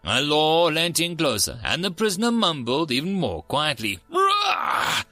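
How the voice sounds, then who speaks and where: A man hosting and narrating science fiction stories in a theatrical, expressive way. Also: on the high side, moderate pace, no echo, soft background music. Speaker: story narrator and channel host. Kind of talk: scripted sci-fi story narration.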